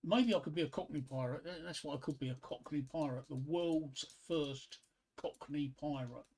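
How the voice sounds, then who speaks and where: An older man with a fairly high-pitched voice hosts a casual solo livestream. He rambles, jokes at his own expense and talks straight to his few viewers, full of ums and restarts. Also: normal speed, a little mellow, slight background noise, low-quality recording. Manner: rambling, self-deprecating, chatting to viewers; frequent fillers and restarts. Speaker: livestream host.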